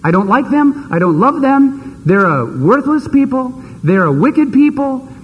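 A high, whiny, stubborn prophet, bitter and refusing to budge, as a preacher puts him on. His strained, husky voice rings out with a long hall echo behind it. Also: big pitch swings, a little slow, muffled recording, exaggerated voice. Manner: whiny, defiant, pitch jumping up.

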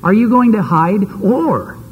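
A man preaching a sermon, retelling scripture in a lively, conversational storytelling manner. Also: high-pitched, a little slow, narrow, tinny audio, slight background noise. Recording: long hall reverb.

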